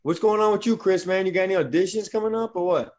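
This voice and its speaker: Easygoing New Jersey man, fairly high. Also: fast talker, darkish tone. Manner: easygoing, fills speech with "man" and "you know". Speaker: actor guest. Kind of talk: casual chat.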